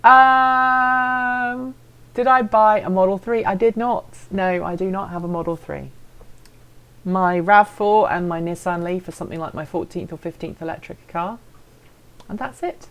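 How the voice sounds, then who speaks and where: Woman, low-ish voice, playful self-deprecating live stream host reading chat. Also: normal speed.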